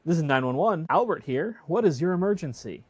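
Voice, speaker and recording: A man voicing a calm male emergency dispatcher who asks steady, procedural questions over a phone call. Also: a little high, fairly quick, slightly rough, dry recording.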